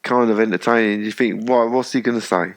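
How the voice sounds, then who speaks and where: A man's voice: on the low side, steady tone, fairly quick. A man co-hosting a football podcast, teasing his friends with wry comments. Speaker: podcast co-host. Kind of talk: casual football podcast banter.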